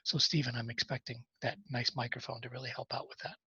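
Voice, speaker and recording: A man's voice: mid-range voice, flat delivery, fast talker, bright, forceful tone, breathy edge, no room sound, lo-fi sound. A man teaching a college math class, talking through problems in a casual way with wry asides. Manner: conversational, self-deprecating asides while working problems. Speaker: math instructor. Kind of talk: recorded class lecture.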